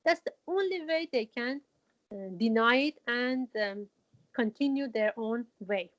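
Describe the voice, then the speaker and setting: Woman teaching slowly with halting restarts. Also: fairly high pitch. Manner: halting, with frequent restarts and Arabic quotations. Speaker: Quran teacher. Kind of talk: informal religious lesson. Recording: dull lo-fi recording.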